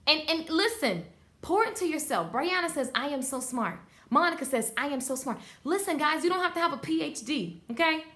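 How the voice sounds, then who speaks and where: Animated high-voiced woman coaching viewers live. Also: brisk. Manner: animated, emphatic, talks straight to viewers, reads out comments. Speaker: beauty business coach. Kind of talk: live-streamed class, chatting with commenters.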